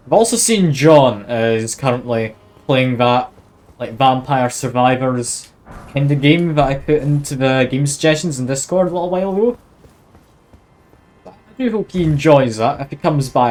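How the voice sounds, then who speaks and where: A man's voice: mid-range voice, normal speed, a little mellow. A man with a Scottish accent chatting casually with his viewers while live-streaming a video game. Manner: chatty, easygoing, talks to chat while playing.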